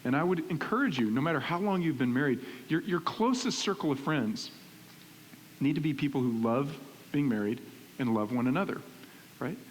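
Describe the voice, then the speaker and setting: A man's voice: a little high, normal speed. Man preaching animatedly in a reverberant church. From Texas. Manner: animated, conversational preaching, keeps asking "right?". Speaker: pastor. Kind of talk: sermon. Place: church sanctuary. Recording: reverberant church hall with faint hiss.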